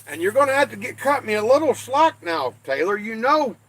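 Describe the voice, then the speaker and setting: High-pitched, very animated, and brisk, this older man from the American West has a fairly bright voice with a breathy edge. Hosting a livestream, he casually reads chat aloud, folksy and quick to poke fun at himself.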